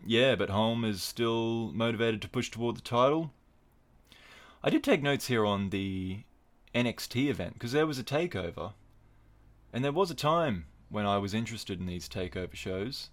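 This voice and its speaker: Male podcast host, lower voice, dry jokey tangents while he runs through results. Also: moderate pace. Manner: wry, digressive, jokey asides. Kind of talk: casual solo podcast commentary.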